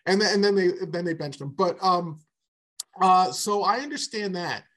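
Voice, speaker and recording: A man co-hosting a podcast, speaking in a relaxed, agreeable and reflective way about football. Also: high-pitched, normal speed. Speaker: podcast co-host. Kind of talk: casual sports chat.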